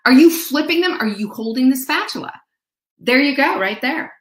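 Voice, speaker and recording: A woman hosts a motivational talk in a fairly high, lively voice, playful and chatty as she calls her viewers girlfriends. She sings short snippets and mimics voices. The sound carries a clear room echo. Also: normal speed. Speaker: host.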